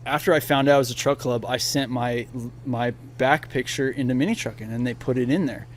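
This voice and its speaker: A man's voice: medium pitch, steady tone, brisk, slight background noise. A man in his thirties on a podcast, telling a story casually and acting out the people he quotes. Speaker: podcast guest.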